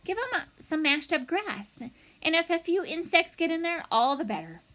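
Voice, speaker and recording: A woman's voice: very high-pitched, big pitch swings, moderate pace, a bit bright, voice pushed up, heavily acted. A woman reading as a blunt old goose. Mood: brisk. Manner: squawking, blunt, scolding. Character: old gray female goose, brisk and no-nonsense.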